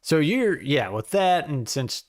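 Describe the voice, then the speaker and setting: Halting game master narrating, dry sound. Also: mid-range voice, very animated, no echo. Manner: loose, halting narration with fillers.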